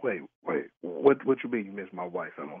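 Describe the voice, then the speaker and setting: A man's voice: low voice, big pitch swings, a little fast, vocal fry, husky, no echo. A man on a phone call, talking in a slangy, repetitive and indignant way as the target of a prank call. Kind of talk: heated phone argument. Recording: tinny phone line.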